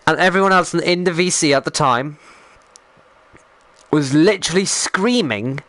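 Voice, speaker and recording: A man's voice: a little high, normal speed, a bit bright, no room sound. A young Irish man chatting casually on a live stream, rambling, swearing freely and getting worked up as he talks.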